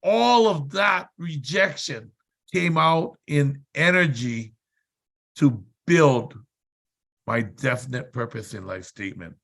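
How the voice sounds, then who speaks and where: A man's voice: a little high, lively intonation, slow, creaky. A man speaking at a seminar, telling a motivational story with emphatic, repetitive build-ups and dramatic delivery. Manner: dramatic, acts out shouted quotes.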